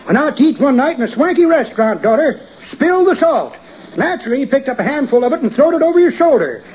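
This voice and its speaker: A high, folksy old-timer. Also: male voice, big pitch swings, fast. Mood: folksy yarning. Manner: drawling, rustic grammar, spins absurd yarns. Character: folksy old man, rambling tall-tale teller. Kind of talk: 1950s radio comedy acting. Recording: muffled old radio broadcast with hiss.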